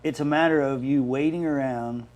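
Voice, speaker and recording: A man's voice: mid-range voice, steady tone, normal speed, darkish tone. A male city official on a talk show panel, giving plain practical advice. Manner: practical, advising.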